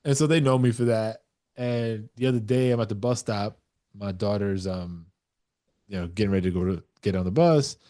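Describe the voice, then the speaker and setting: A man's voice: lowish voice, moderate pace, mellow. A man from New York co-hosting a dads' podcast, telling stories animatedly and swearing casually. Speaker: podcast co-host. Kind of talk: casual chat.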